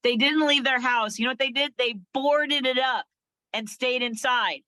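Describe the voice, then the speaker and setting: A middle-aged woman performing an animated, self-deprecating stand-up set over a video call. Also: high-pitched, moderate pace, no echo. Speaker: stand-up comedian.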